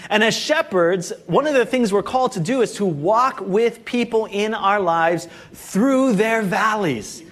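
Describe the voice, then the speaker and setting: Pastor, male, fairly high voice, relaxed chatty sermon delivery peppered with fillers. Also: unhurried, few pauses. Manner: conversational preaching with frequent "you know" and "like".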